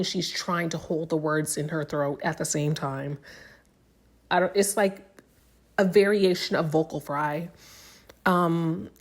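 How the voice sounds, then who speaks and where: Recap host: young adult woman, slightly low voice, chatty and filler-heavy. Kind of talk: casual recap commentary.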